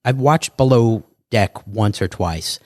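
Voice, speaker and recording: A man, a guest on a podcast, telling his life story in a lively way and acting out other people's lines. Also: lowish voice, no room sound, studio quality. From New York. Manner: animated, quick storytelling with acted quotes.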